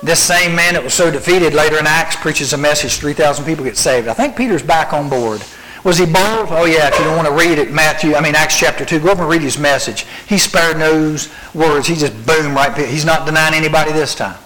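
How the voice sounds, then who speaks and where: A middle-aged man preaching a sermon to a youth group, acting out the quoted lines in animated storytelling. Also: on the high side, brisk, slight background noise, low-quality recording.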